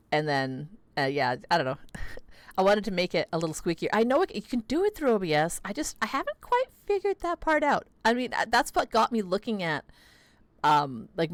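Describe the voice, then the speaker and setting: Low-voiced woman streamer, casual rambling chat, dry close mic. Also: dry recording. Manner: chatty, rambling, many "like" fillers, laughs often. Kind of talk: casual gaming livestream chat. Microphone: close desk mic.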